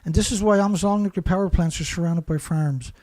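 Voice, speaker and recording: This host talks quickly in a high-pitched, slightly mellow voice. His show segment is an angry rant, full of insults and repetition.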